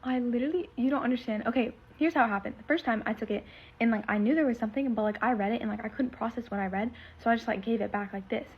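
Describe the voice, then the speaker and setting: A woman's voice: a little high, racing, husky. A teenage girl telling a story in a casual vlog, rambling and full of fillers as she retells something emotional. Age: teens. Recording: slightly muffled lo-fi recording.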